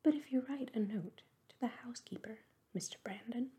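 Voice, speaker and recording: A woman's voice: a little high, a little slow, dark tone, breathy edge, pitched above the performer's own voice. A woman voicing an eager, passionate young lady in a whispered role-play reading.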